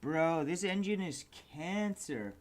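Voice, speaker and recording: A man's voice: on the high side, lively intonation, takes it slowly. Exasperated man swearing at his computer. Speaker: game developer streamer. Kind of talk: frustrated livestream commentary.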